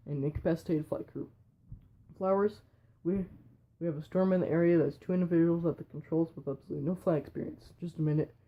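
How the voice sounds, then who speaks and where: A man reading a whole film script aloud in a quick, flat way with slips. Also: on the high side, muffled recording. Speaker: reader.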